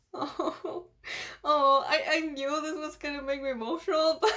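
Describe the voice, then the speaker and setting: A woman giving casual reaction commentary, emotional and quick to laugh and exclaim. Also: high voice, fairly even intonation, a bit bright. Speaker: anime reactor.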